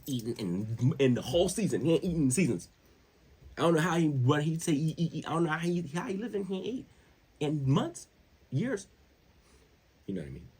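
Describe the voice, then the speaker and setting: A husky-voiced man hosts his own show, riffing on sports in loose slang. He is animated and hammers points home by repeating words over and over. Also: medium pitch. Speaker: show host. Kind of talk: casual sports commentary.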